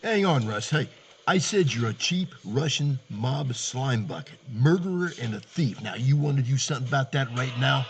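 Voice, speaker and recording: A man's voice: mid-range voice, animated, moderate pace, a little hiss or hum, close to an everyday voice. An actor playing a tough, wisecracking noir detective who talks bluntly and taunts his suspect. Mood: angry. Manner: hard-boiled, taunting, blunt. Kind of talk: 1940s radio acting.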